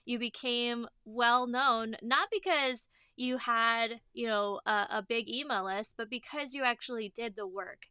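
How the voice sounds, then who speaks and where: A woman's voice: on the high side, unhurried, few pauses, clean tone, no echo, studio quality. A woman hosting a business interview, speaking in an encouraging, heartfelt way. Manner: warm, emotional, encouraging. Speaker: host.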